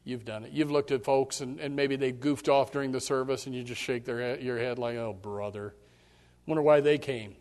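A man's voice: mid-range voice, level tone, a little fast, few pauses, a little mellow. A male pastor preaching a sermon, emphatic and direct with the congregation, repeating his key phrases. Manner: speaks straight to the congregation.

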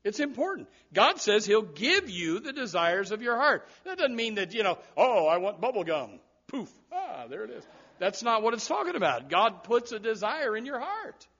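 Brief: male pastor, high voice, lively sermon delivery with loud bursts, dull lo-fi church recording. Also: normal speed. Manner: animated preaching with repeated words and sudden loud rises.

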